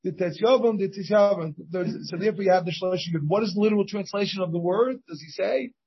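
Husky rabbi teaching a Talmud class. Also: male voice, high voice, fast, lo-fi sound. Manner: reads Hebrew and Aramaic text and translates it, with many restarts.

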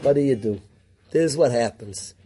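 A man teaching a yeshiva class in a lively way, calling on students by name and mixing Hebrew and Yiddish terms into his English. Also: mid-range voice, moderate pace. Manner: animated, calls on students by name. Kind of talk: classroom lecture.

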